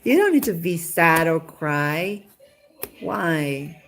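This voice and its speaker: A woman with a slightly low voice talks casually to a single viewer on a live stream. Her talk is emotional and rambling, circling back to the same questions again and again. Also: sing-song, slow pace.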